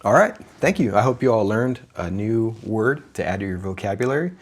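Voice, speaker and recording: A man's voice: fairly low pitch, animated, a little fast. A man co-hosting a comedy podcast, chatting casually and teasing his friend with bursts of laughter. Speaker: podcast co-host.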